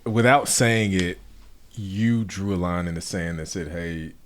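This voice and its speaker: A man's voice: low-pitched, steady tone, measured pace. A man hosting a podcast interview, who reflects thoughtfully and often checks in with "right?". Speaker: podcast host.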